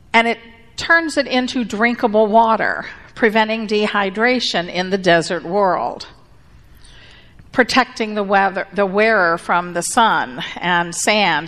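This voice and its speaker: A woman pastor giving a sermon in a deliberate, conversational way. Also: mid-range voice, a bit bright, long reverb tail.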